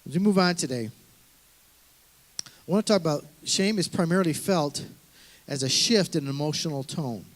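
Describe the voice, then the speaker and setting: A man's voice: fairly high pitch, normal speed. Earnest middle-aged man preaching. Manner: earnest, conversational preaching with frequent restarts. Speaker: pastor. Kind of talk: sermon.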